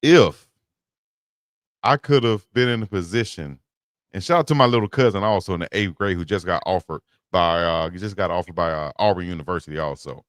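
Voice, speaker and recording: A man co-hosting a casual sports talk show, relaxed and slangy, giving shout-outs. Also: low-pitched, a little fast, dry recording, clean studio sound. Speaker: co-host.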